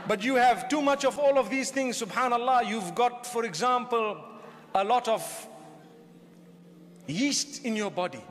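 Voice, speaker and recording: A man's voice: extremely high pitch, unhurried, fairly bright tone. A man giving an Islamic sermon, humorous and conversational, full of rhetorical questions. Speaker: Islamic preacher. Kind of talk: lecture sermon. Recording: long hall reverb.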